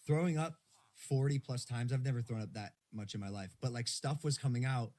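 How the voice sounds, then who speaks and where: A young man hosting a casual podcast, telling a story in an animated way and swearing freely. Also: medium pitch, fairly quick. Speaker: podcast host. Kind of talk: casual chat. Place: hotel room.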